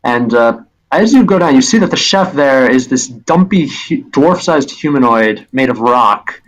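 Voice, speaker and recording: A man's voice: medium pitch, expressive, measured pace, poor audio. Rambling male game master. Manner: rambling, restarts descriptions. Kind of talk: narrating a tabletop game.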